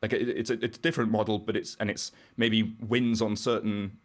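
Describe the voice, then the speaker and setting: Low-voiced British man explaining things wryly. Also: flat delivery, a little fast. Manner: explanatory, wry, thinks aloud. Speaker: podcast guest, browser engineer. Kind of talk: casual podcast conversation.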